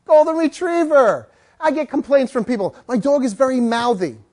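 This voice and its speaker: A woman's voice: sits high, moderate pace. A woman dog trainer giving a jokey talk to an audience, acting out little voices of owners and dogs. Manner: animated, jokey, acts out voices of people and dogs.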